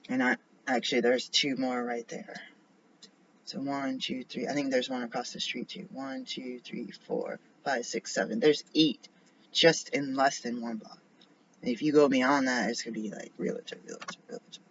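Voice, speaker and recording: A man talks through a loose, rambling vlog, wandering from one topic to the next and often sinking into a half-whisper. His voice sits at an ordinary middle pitch. The recording is a little muffled, with a faint hiss behind it. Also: animated, a little slow, fairly bright tone. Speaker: vlogger. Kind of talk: casual rambling monologue. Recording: slightly dull lo-fi recording with faint noise.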